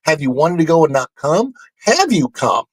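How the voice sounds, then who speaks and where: A man hosting a casual theme-park news livestream, animated and joking as he talks to his chat. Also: on the high side, moderate pace, no echo.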